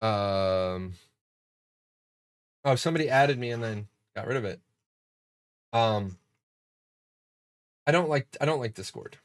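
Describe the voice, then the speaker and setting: A man's voice: mid-range voice, expressive, slow, long pauses, no room sound, studio quality. A man hosting a casual livestream, telling rambling stories full of swearing and restarts. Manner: profane, ranting storyteller. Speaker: streamer hosting a game community show.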